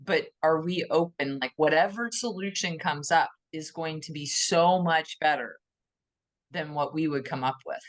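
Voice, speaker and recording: Low-voiced enthusiastic woman podcast host. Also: normal speed. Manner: enthusiastic, animated, acts out quoted inner voices. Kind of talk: casual conversation.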